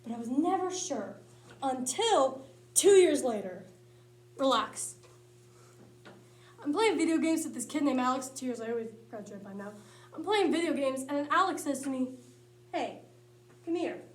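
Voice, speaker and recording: A woman with a high voice delivers a comedic monologue in punchy, lively storytelling. The sound carries a roomy echo from the space she's in. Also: moderate pace, pauses often. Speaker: speech tournament competitor.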